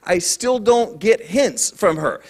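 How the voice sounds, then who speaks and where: A male pastor in his forties preaching a sermon in an animated, jokey storytelling manner. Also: high-pitched, slow pace.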